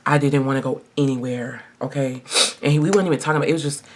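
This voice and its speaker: A woman's voice: extremely low pitch, steady tone, fast talker. A woman in her twenties telling a personal story in a casual get-ready-with-me video, chatty and emphatic, talking straight to her viewers. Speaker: vlogger.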